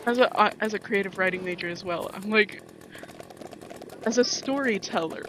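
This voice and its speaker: A woman's voice: mid-range voice, normal speed, fairly bright tone, a little hiss or hum. A young woman chatting casually while she plays a video game, ranting in an exasperated way and often cutting herself off. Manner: ranting, exasperated, self-interrupting. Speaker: gaming vlogger. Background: music under the talk.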